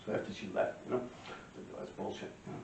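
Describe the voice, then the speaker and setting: A man, telling profane street stories to camera and clearing his throat often. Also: fast, noisy background. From New York. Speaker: vlogger telling life stories. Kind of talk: casual storytelling to camera. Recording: roomy, distant, dull-sounding.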